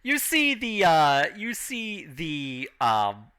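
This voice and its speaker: A man running a tabletop game as game master, talking with many fillers and pauses, shifting into loud crowd and announcer voices. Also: on the high side, wildly swooping pitch, smooth.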